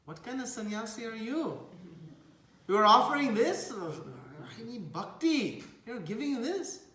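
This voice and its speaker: A man voicing a young male divine figure who asks sharp, incredulous questions. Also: very high voice, big pitch swings, unhurried, roomy sound, pitched above the performer's own voice, heavily acted.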